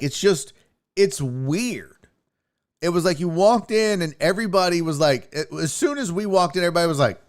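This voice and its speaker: A young man hosting his own show, telling road-trip stories in a casual, profane way and acting out what people said. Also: on the high side. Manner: profane, animated, acts out quotes. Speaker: podcast host. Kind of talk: casual storytelling.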